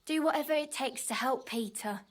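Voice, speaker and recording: A woman's voice: high-pitched, normal speed, music in the background, lightly acted. A woman voicing an anxious peasant wife who pleads earnestly and guards what she owns. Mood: pleading.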